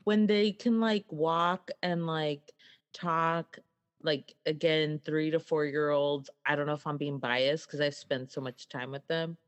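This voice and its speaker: A speaker in a relaxed chat talks slowly and unhurriedly at a middle pitch. Frequent giggles break up the sentences, and small acted-out quotes pop into the telling. The delivery feels easygoing and conversational. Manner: giggly, laughs often, acts out quotes. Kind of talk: casual chat.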